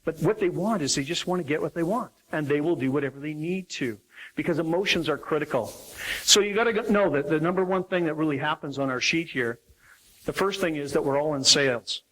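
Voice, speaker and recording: Middle-aged guy doing a sales pep talk to a crowd, bright punchy voice, pitched a bit high, keeps asking the room stuff. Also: a little fast, poor audio. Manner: animated, asks the audience questions. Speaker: motivational sales speaker. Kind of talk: live motivational talk. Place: hall with a live audience.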